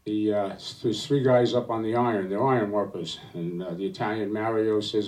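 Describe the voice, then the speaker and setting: A male stand-up comedian tells jokes in a low voice, stumbling through fillers between punchlines. He sounds a bit distant from the microphone. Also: steady tone, a little mellow. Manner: halting, filler-heavy delivery. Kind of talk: stand-up joke telling. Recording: voice slightly distant from mic.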